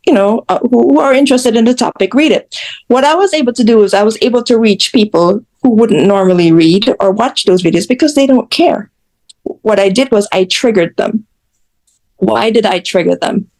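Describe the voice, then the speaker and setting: A woman's voice: medium pitch, a little mellow. Woman from Jamaica, interview guest, blunt, self-mocking, candid storytelling. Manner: blunt, self-mocking, acts out quoted voices. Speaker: guest, social media creator.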